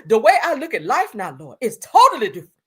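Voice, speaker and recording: A woman's voice: fairly high pitch, wildly swooping pitch, slightly rough, full character voice. A woman putting on an over-dramatic, fragile weeping woman who draws out each phrase and sighs between lines. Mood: melodramatic sobbing. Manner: slow, quavering, sighing "Lord" between phrases.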